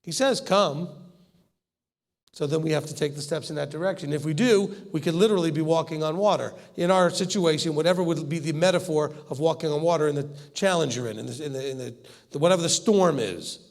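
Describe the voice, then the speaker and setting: A man's voice: on the high side, fairly quick. A man teaching scripture in a conversational way, acting out the quoted lines and often laughing. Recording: long hall reverb.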